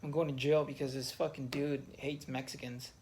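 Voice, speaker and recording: Raw-voiced veteran man, candid and halting. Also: medium pitch, flat delivery, a little mellow, a little hiss or hum. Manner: raw, emotional, swears often, halting restarts. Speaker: army veteran telling his story. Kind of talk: candid personal monologue.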